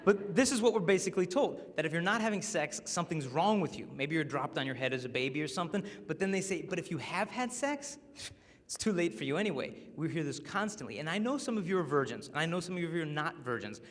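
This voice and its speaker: Animated young man speaking in a hall. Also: a little high, fast talker, hardly any pauses. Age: 20s. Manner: joking, animated, acts out quotes. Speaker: chastity speaker. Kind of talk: energetic talk to a high school audience. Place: large hall with a live audience. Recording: reverberant hall with faint ambience.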